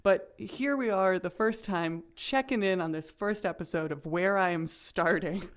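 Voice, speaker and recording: A woman's voice: on the low side, unhurried. A woman co-hosting a podcast in casual chat, playful and self-mocking. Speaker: podcast co-host.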